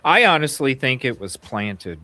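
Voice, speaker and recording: A man's voice: mid-range voice, very animated, measured pace, sharp tone, soft background music. A man co-hosting a casual true-crime talk show, blunt and opinionated, swearing freely and restarting his sentences as he rambles. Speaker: podcast co-host.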